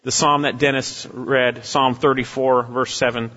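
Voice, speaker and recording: A male pastor preaching a sermon with emphasis, swinging between raised exhortation and low, quiet asides. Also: level tone, unhurried. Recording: dull lo-fi sound with long hall reverb.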